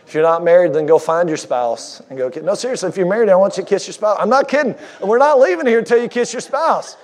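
A man's voice: high-pitched, animated, fast. A man preaching a sermon as a guest speaker, conversational and joking with the congregation, married fifteen years.

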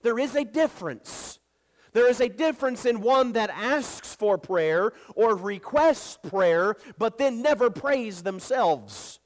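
High-voiced preacher delivering a sermon. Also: male voice, expressive, slow pace. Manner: preaching with emphatic rises and repeated phrases; repeats words when speaking casually. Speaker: pastor.

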